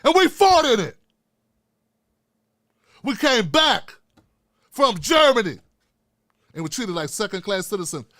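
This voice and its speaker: A man's voice: high voice, big pitch swings, unhurried, long pauses, a bit bright, no room sound. A man hosting his own show, delivering a heated political commentary rant full of constant swearing. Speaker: host.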